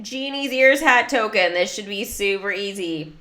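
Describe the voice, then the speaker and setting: A woman's voice: mid-range voice, animated, normal speed, sharp tone. A young woman livestreaming a mobile game, chatting in a bubbly, talkative way with many fillers. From United States. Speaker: gaming livestreamer. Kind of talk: casual livestream chat.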